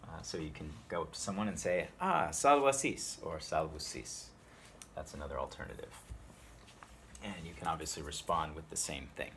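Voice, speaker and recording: A man with a very low voice gives a spoken Latin tutorial. He explains each phrase in a relaxed classroom manner, then repeats the Latin slowly for learners to copy. A faint hiss of noise sits behind him. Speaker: Latin teacher.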